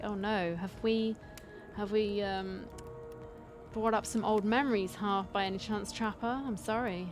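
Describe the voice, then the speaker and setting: A woman's voice: mid-range voice, normal speed. Lady streamer reading game text all dramatic, cracking jokes in between, music playing faintly behind. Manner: dramatic storytelling, wry asides. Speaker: streamer playing a dating sim.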